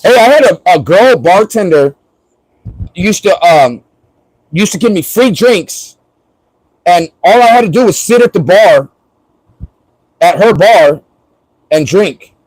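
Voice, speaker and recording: High-voiced joking man streaming live. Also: expressive, takes it slowly, long pauses, darkish tone, dry recording, poor audio. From Florida. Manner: joking, rambling, laughs often. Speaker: livestreamer. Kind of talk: casual livestream chat.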